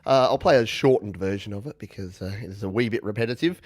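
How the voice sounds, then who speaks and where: A man's voice: on the low side, fast talker, dry recording, clean studio sound. A man who plays viewers' song requests on guitar, chatting casually between songs in a rambling, self-mocking way with plenty of fillers and chuckles.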